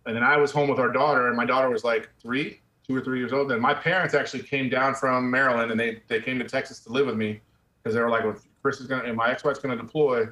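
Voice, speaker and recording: His mid-range voice is fast, steady, pushed, and bright. A middle-aged man who served in the army, he speaks candidly about his life in casual interview talk, plain and conversational, saying "man" and cursing occasionally, with roomy echo on the audio.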